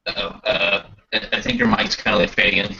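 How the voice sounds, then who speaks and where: A man in casual livestream chat who talks in an excitable, gushing way. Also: on the low side, brisk, gravelly. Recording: dull lo-fi stream audio.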